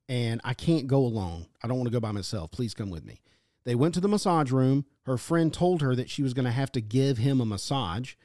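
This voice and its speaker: Guy reading out a story on a podcast, animated, lots of pitch movement, dead dry sound. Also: no room sound. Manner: animated storytelling, puts on quoted voices. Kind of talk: casual podcast chat, reading notes.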